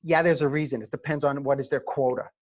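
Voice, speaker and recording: A man's voice: mid-range voice, fast talker. A middle-aged man, a former Army first sergeant, tells stories to advise students. He often stops to check in with "okay?". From New York. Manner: animated storyteller, frequent "okay?" check-ins. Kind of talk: conversational seminar talk. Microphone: video call. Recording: lo-fi video call audio.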